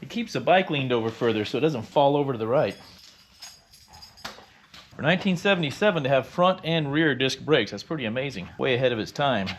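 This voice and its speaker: A man's voice: medium pitch, expressive, fairly quick, slight background noise. An older man wisecracking bluntly as he walks through a motorcycle repair in his garage, in casual how-to narration. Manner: wisecracking, blunt, explains as he works. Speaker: motorcycle restorer.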